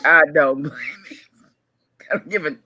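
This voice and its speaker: A woman's voice: low-pitched, moderate pace. A woman co-hosting a morning radio show, chatting casually with strong opinions and frequent laughs. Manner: lively, opinionated, laughs often.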